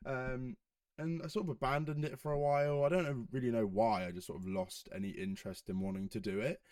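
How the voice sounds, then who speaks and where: A man's voice: medium pitch, fairly even intonation, brisk, a little mellow, no echo, studio quality. A young man from Herefordshire in England, hosting a solo podcast in a casual, jokey way, swearing and laughing often. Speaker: podcast host. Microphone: home recording setup.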